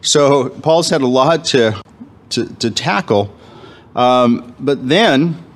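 A man's voice: medium pitch, lively intonation. A man leading a men's Bible study, talking casually with lots of fillers, restarts and wry humor, at times while eating. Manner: halting, many fillers and restarts, self-deprecating humor. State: eating, talking with food in his mouth.

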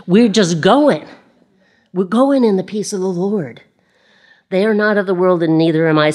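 A woman from Illinois teaching a sermon in a slightly low voice. She talks in a chatty way with self-deprecating asides and slows down when she reads scripture. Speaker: Bible teacher.

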